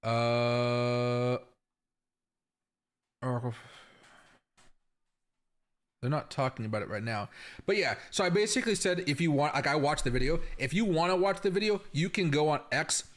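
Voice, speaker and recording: A man's voice: mid-range voice, moderate pace, pauses often. A man hosting a casual crypto livestream from home, chatty and rambling, talking straight to his viewers.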